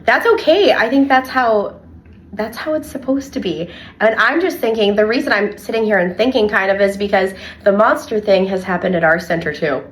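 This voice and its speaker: A young adult woman, co-hosting a casual podcast and telling animated stories from her childcare work with lots of "like". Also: mid-range voice, moderate pace, slight background noise. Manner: animated storyteller, heavy filler "like". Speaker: podcast co-host and childcare worker.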